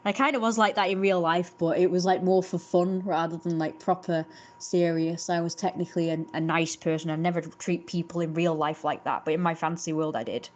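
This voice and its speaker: A woman's voice: lowish voice, steady tone, a little fast, darkish tone. A young woman rambling casually to her livestream viewers, full of fillers and restarts. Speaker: livestream host.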